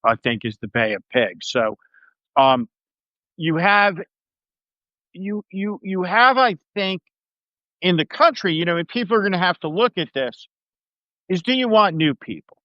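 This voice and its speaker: A man's voice: high voice, very animated, a little slow, long pauses, no echo, highs cut off. A man in casual political talk, emphatic and rambling, with many fillers and restarts. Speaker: political commentator.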